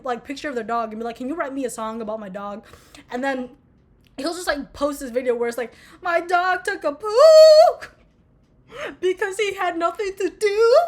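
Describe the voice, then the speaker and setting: A young woman vlogging in a casual, excitable rant, gushing and swearing freely. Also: sits high.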